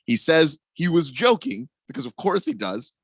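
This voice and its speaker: Man co-hosting sports radio, measured. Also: a little high, wildly swooping pitch, slightly rough, dry recording. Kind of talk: casual sports talk.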